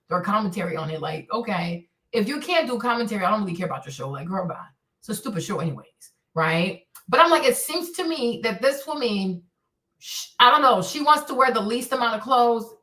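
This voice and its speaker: A chatty, exasperated woman streaming her commentary live, talking in a bright, lively voice full of slang. She sits back from the mic in an echoey room. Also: mid-range voice, far from the mic.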